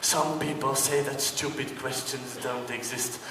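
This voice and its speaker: A man's voice: medium pitch, fairly even intonation, measured pace, crowd noise. A man from Britain performing a stand-up comedy monologue on a theatre stage, telling his story with mock indignation. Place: theatre stage before an audience. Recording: distant, echoey hall with long reverb.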